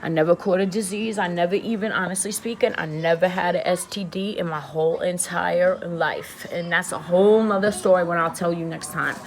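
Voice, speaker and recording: A woman's voice: on the low side, steady tone, fairly quick, few pauses. New woman telling a true story. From the Bronx, New York. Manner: emphatic and repetitive, talks straight to her viewers. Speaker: vlogger. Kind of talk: casual confessional storytelling to viewers.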